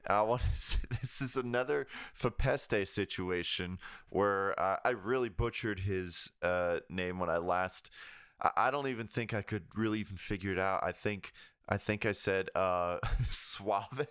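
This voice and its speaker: A man hosts a casual music review show in a low, smooth voice. He rambles with many fillers and self-corrections. The sound is dry and close. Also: normal speed, fairly bright tone, no room sound.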